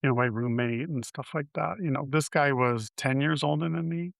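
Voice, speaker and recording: A man in his fifties telling his personal story as an interview guest. He speaks candidly and haltingly, often restarting his sentences. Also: a little high, creaky, no room sound. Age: 50s.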